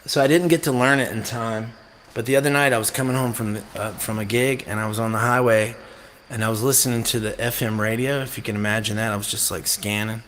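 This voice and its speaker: A man's voice: lowish voice, steady tone, quick pace, a bit bright, a little hiss or hum. A man hosting a music live stream, rambling and joking irreverently between songs, with some mild swearing. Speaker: singer-songwriter and live-stream host.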